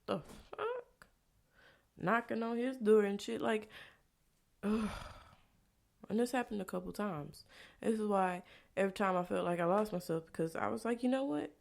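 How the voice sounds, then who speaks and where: A woman vlogger telling a candid personal story in a blunt, profane way. She drops into low confiding tones and jumps to loud, exasperated outbursts, tagging lines with rhetorical questions. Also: brisk, vocal fry.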